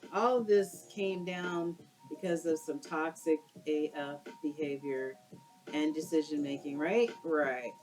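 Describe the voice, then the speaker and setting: A woman's voice: low-pitched, dark tone, poor audio. A woman doing a casual tarot card reading for her viewers, exclaiming and using slang as she turns the cards. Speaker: tarot reader.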